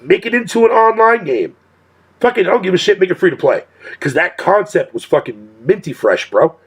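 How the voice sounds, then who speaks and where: A man's voice: high-pitched, very animated, brisk, husky. A male streamer talking casually to his chat in a profane rant, swearing constantly and laughing often.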